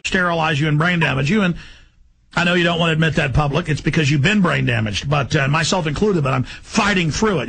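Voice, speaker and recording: A man hosting a talk radio show, ranting rapidly in an agitated, emphatic way. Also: on the high side, creaky, a bit bright, a little hiss or hum, low-quality recording.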